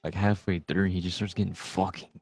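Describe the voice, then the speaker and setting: Deep-voiced young man rambling, swearing. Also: fairly even intonation, fairly quick, vocal fry, a little mellow, breathy edge, faint music behind. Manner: rambling, heavy swearing, storytelling. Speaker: gamer recording with a friend. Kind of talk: casual chat while gaming.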